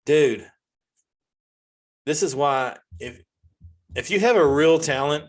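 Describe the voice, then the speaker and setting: A man, ranting through a casual comedy monologue as host. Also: takes it slowly. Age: 40s. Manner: ranting, animated, jumps to high-pitched outbursts.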